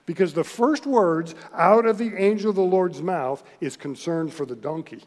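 A man with a high, light voice preaches a sermon, retelling the story with animated, chuckling delivery. His words ring out with a long reverb tail in a church sanctuary. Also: normal speed. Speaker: pastor.

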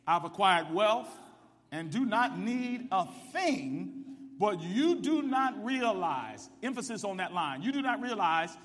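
Male pastor, sermon, high pitch, call-and-response, shouting peaks, long church reverb. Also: very animated, slow. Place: church sanctuary. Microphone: microphone with ring.

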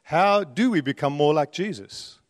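A middle-aged man with a South African accent softened by his years in Australia, preaching a sermon in a conversational way with joking asides, building intensity when he reads scripture. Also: fairly high pitch, animated, normal speed. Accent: South African, softened by long years in Australia. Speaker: pastor. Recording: long reverb of a church hall.

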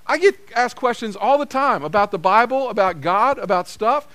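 A man's voice: high-pitched, animated, normal speed, fairly bright tone. A man preaching a sermon as a pastor, in a conversational way, repeating phrases for emphasis. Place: church.

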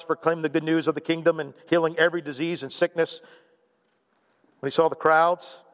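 A middle-aged man preaching a sermon in a conversational, animated way, often checking in with "right?" and acting out quoted voices. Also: fairly high pitch, long reverb tail. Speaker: pastor.

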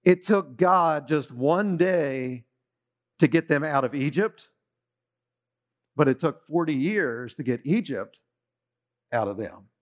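A man's voice: a little high, animated, takes it slowly, pauses often. A middle-aged man preaching a sermon in a conversational way, often putting questions to his listeners. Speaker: pastor.

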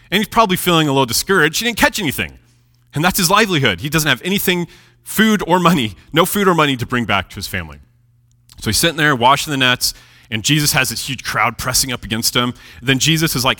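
Male preacher, casual storytelling sermon, lively swooping delivery, bright tone. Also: on the high side, fast. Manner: chatty, animated, laughs at own jokes.

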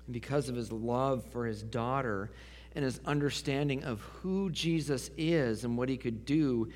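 A man's voice: a little high, measured pace. Preacher man in a reverberant hall. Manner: dramatic swings from loud to hushed. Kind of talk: sermon.

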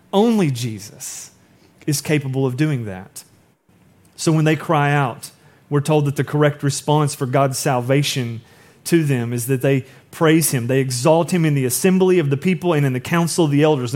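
A male pastor preaching a sermon, chatty with asides, swinging between raised, urgent lines and soft, hushed emphasis. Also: on the high side. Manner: conversational asides.

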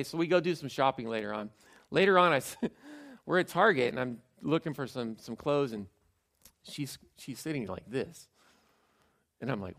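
A man's voice: medium pitch, lively intonation, normal speed. A man giving a sermon as a pastor in a conversational, self-deprecating storytelling way.

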